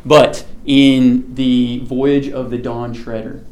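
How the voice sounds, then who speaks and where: A man's voice: medium pitch, level tone, slow, a little mellow. A man giving a casual sermon to a small group, chatty and often checking in with the listeners. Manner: chatty, keeps checking in with "okay?".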